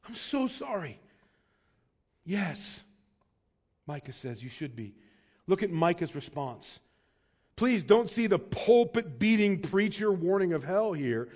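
Passionate high-voiced male preacher. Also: very animated, measured pace. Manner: passionate, swinging from loud urgent pleas to quiet low asides. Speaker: pastor. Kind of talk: sermon.

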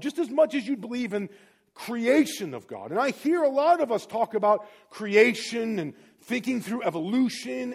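A man's voice: high-pitched, darkish tone. A man preaching a sermon as a pastor, speaking in an emphatic, exhorting way.

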